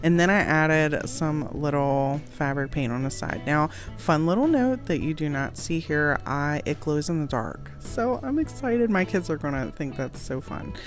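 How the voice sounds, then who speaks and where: Low-voiced chatty crafting vlogger woman. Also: normal speed, hardly any pauses, soft background music. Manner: chatty, giggly, self-deprecating. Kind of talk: casual voice-over tutorial.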